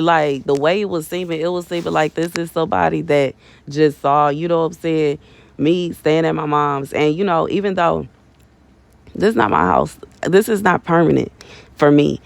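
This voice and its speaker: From a bedroom in her mother's house, a woman delivers a casual prophetic message, animated and slangy, laughing often and calling listeners baby and bruh. Her voice sits low and gravelly, with no echo.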